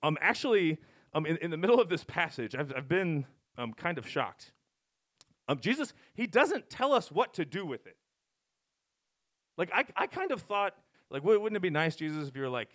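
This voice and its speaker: A man preaching a casual, conversational sermon, rambling and self-interrupting with wry asides and animated swings. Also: fairly high pitch, a little fast. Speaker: pastor.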